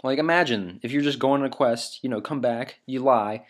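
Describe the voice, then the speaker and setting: A man's voice: mid-range voice, fairly quick. A man talking through a countdown list in casual vlog style, rambling with lots of fillers and casual swearing. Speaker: anime vlogger ranking moments.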